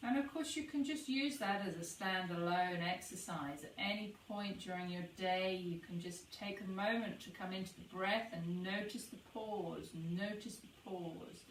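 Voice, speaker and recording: A woman leading a yoga and breathing session, speaking in a calm, gentle way with slow pauses. Rain is falling on the roof. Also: mid-range voice. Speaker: yoga teacher. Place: indoor room, rain on the roof. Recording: roomy and slightly distant, faint background noise.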